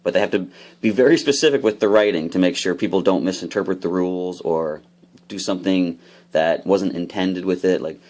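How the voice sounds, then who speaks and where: A man casually opening trading card packs, explaining each card's rules with bursts of excitement. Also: sits low, fairly quick. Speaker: card unboxing host. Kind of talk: casual unboxing commentary.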